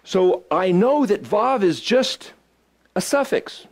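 A man with a somewhat high voice leads a small study group in an informal lesson. He thinks aloud as he works and keeps turning questions back to his listeners. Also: sing-song, takes it slowly. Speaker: Hebrew study teacher.

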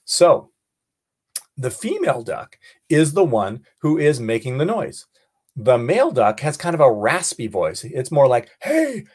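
Middle-aged male naturalist for an online class; husky, animated, jokey, murmurs while he looks. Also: mid-range voice. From California. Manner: playful, talks aloud while observing, mutters quietly. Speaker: naturalist teaching a birding class.

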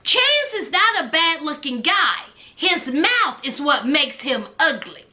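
A woman's voice: high voice, very animated, slow pace, bright, forceful tone. A woman hosting a reality TV recap, sassy and teasing, talking straight to her viewers.

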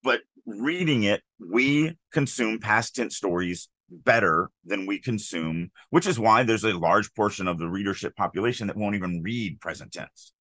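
Emphatic low-voiced man, dry close sound. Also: normal speed, hardly any pauses, a bit bright, dry recording. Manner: opinionated, emphatic, rambling asides. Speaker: podcast co-host, author. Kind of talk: casual chat on writing craft.

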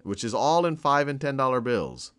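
A man's voice: medium pitch, big pitch swings, moderate pace, a bit bright, smooth, voice pushed up. A man putting on a boastful rich troll. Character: rich, boastful male bridge troll demanding tolls. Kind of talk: playful storytelling in a math lesson.

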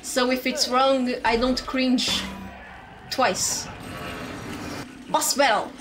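Excitable high-voiced woman streaming a game. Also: drawn-out words. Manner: excitable, swears and laughs often. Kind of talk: casual gaming stream commentary. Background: game music.

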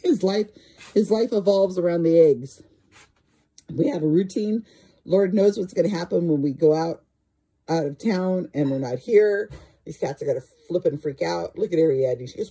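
A woman's voice: on the low side, normal speed, dark tone, slightly rough. A woman chatting casually at home while filming her cats, laughing often and talking to them.

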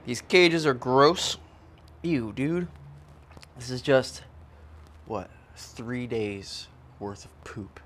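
A man casually vlogging outdoors as he tends his birds, loose and slangy, breaking into a high cooing voice when he talks to them. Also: extremely slow, long pauses, a bit bright, slight background noise. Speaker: vlogger, bird keeper. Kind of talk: casual vlog chat. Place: outdoor backyard cage area.

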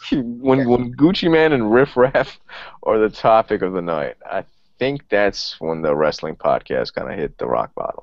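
A man with a fairly low, dry voice hosts a podcast in loose, profane banter, tripping over his own restarts. The sound is dull and lo-fi, with no room around it. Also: animated, moderate pace, creaky, dry recording. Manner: rambling and profane, with repeated restarts. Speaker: podcast host. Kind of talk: casual chat.

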